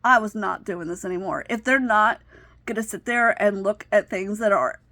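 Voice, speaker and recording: A woman's voice: mid-range voice, normal speed, bright, forceful tone, no echo. A woman in her thirties telling a personal story with emotional, indignant retelling. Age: 30s. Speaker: vlogger.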